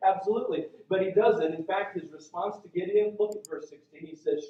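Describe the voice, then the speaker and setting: A male pastor preaching in a casual, conversational way with lots of asides. His voice sits high. He is heard from a distance in a very echoey church, and the sound is dull. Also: brisk. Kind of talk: sermon. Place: church sanctuary.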